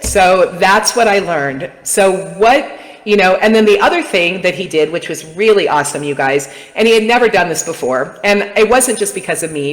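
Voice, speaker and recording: A middle-aged woman telling a personal story to her viewers in a chatty, animated way. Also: on the low side. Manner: chatty, animated, addresses audience as "you guys". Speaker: vlogger and coach. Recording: echoey room with long reverb.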